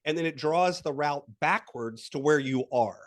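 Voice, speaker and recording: A man with a fairly high voice, speaking as a guest coach on a podcast. He tells an imagined scene with lively, animated delivery and slips into quoted voices. His tone stays steady and guiding as he coaches the listener. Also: moderate pace. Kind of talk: podcast interview.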